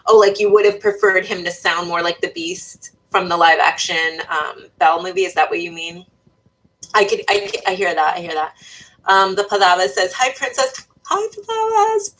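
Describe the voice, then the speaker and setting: A woman's voice: medium pitch, fairly bright tone, rough recording. A young woman livestreaming, reading viewers' comments aloud and thinking aloud in casual chat, with many fillers and restarts. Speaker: YouTuber reading live chat. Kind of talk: casual live-stream chat.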